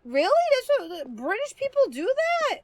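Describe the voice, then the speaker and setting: A woman's voice: extremely high pitch, big pitch swings, brisk, a little mellow, no echo. A woman streamer chatting casually with her viewers while playing, chatty and easily amused. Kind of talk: casual game livestream chat.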